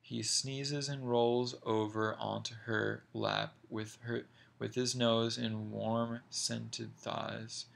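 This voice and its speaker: A man reading a short story aloud in a slow, deliberate, measured way. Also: medium pitch, level tone, vocal fry, a bit bright. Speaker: reader.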